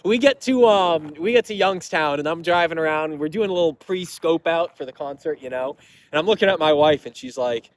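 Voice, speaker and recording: A man's voice: on the high side, fairly quick. A young man from Massachusetts telling a long, rambling story to his channel in a casual, profane way, with frequent asides and laughs. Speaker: metal vlogger.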